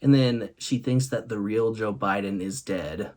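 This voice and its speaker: A man's voice: on the low side, measured pace, very noisy. Laughing man telling funny stories. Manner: laughs often, punchline-driven. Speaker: host. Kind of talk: comic storytelling monologue.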